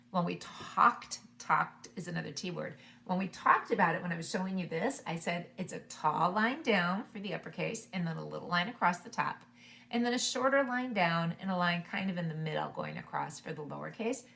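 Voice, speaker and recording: A woman teaching a preschool circle-time lesson, talking slowly and encouragingly to young children. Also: lowish voice, expressive, gravelly, a bit bright. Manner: slow, sing-song, encouraging to young children.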